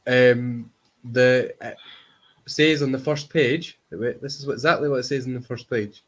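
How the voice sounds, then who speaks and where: A man's voice: mid-range voice, moderate pace, a bit bright, low-quality recording. A man hosting a casual chat, blunt and sweary in his banter. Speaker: host.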